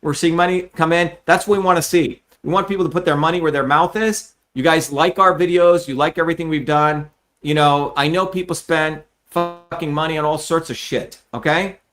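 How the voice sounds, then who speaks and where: A man's voice: fairly high pitch, fairly even intonation, fairly quick, fairly bright tone, soft background music. A middle-aged man hosting a live fundraising stream, talking bluntly and emphatically, with frequent profanity, straight to his viewers. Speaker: host of a live fundraising telethon.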